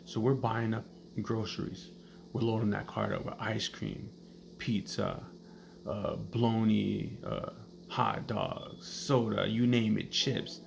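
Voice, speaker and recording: A man's voice: on the low side, fairly even intonation, slow pace, vocal fry, noisy background. A man casually telling comedic stories in a blunt, profane way. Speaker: storyteller. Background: background music.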